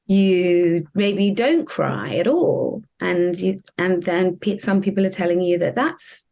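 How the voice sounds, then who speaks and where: A woman hosting an interview, asking thoughtful questions in a halting way. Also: lowish voice, creaky, darkish tone. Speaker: interviewer, host. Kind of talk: conversational interview.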